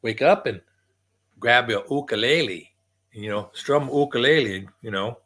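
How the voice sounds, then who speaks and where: A man's voice: medium pitch, moderate pace, pushed and bright. An older man hosting a casual livestream from home, chatting in a rambling way and greeting viewers by name. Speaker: livestream host.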